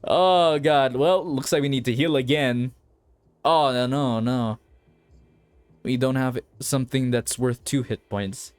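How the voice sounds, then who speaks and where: A man's voice: medium pitch, measured pace, no room sound. A man from the Philippines streaming a video game, casually commenting and reading its dialogue aloud. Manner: animated, jumps between playful commentary and character reads. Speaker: streamer and voice actor. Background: faint game music.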